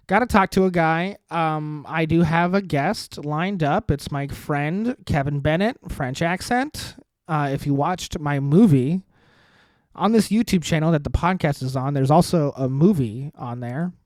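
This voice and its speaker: A man hosting a podcast, rambling through sardonic dark jokes in a casual monologue. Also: a little high, dry recording. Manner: sardonic, dark deadpan humor with rambling asides. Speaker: podcast host.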